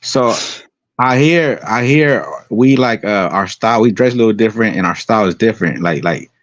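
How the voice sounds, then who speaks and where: Deep-voiced laid-back Bay Area man. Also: normal speed, dry recording. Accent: Bay Area slang. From Bay Area, California. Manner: laid-back, slangy, full of fillers. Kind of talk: casual chat. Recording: dry, lo-fi audio.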